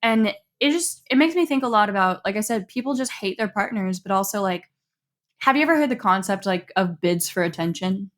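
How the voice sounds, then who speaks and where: Young woman, podcast co-host, loose chatty storyteller, middle pitch. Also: brisk. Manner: chatty, animated storytelling with quoted asides. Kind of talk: casual chat.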